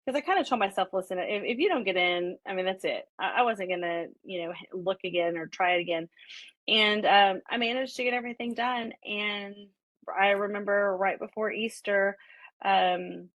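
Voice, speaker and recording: A woman's voice: medium pitch, moderate pace, no room sound, poor audio. A middle-aged woman, a college professor, telling the story of her road to a doctorate and acting out her own and her husband's words. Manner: animated retelling, quoting herself and her husband. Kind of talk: personal storytelling.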